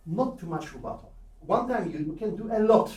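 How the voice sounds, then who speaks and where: A man coaching a piano student in a masterclass, animated and repeating short instructions, slipping into German. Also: high-pitched, a little fast. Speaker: piano teacher. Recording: roomy hall from a distance with piano.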